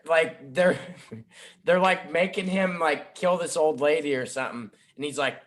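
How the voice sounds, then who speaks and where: A man's voice: on the high side, animated, measured pace, a bit bright. A man chatting casually and profanely on a podcast, joining by webcam. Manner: profane, joking. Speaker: podcast co-host. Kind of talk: casual chat. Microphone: video call webcam.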